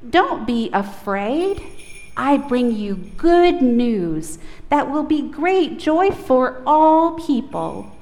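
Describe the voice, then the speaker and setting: A woman voicing a calm angel bringing good news, read from a children's storybook. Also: high voice, drawn-out words, exaggerated voice. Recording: echoey church hall, faint noise.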